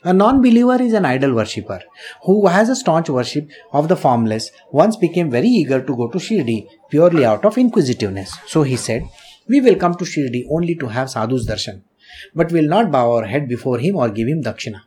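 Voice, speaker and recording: A man's voice: fairly high pitch, big pitch swings, a little fast, darkish tone. A man giving a devotional talk, explaining patiently with questions and asides and dropping into Hindi. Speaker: spiritual teacher. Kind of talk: devotional discourse.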